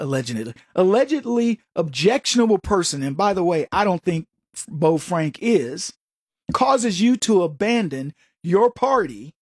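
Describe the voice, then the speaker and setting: Husky, lively middle-aged male commentator. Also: high-pitched, no room sound, clean studio sound. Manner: sarcastic, preachy, addresses listeners as folks. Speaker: political commentary host. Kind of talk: opinionated monologue.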